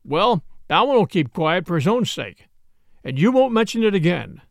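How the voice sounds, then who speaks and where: A man's voice: sits high, very animated, moderate pace, gravelly, dry recording, full character voice. A man voicing a bewildered, blustering male state governor who talks in exclamations.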